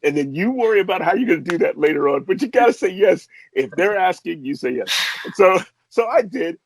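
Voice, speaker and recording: A middle-aged man from the American Midwest, a composer and voice artist telling a story as an interview guest, excitable and laughing often. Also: brisk, breathy edge, dry recording. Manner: excitable, laughs often, jumps to high pitch when excited. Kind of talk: animated storytelling in conversation.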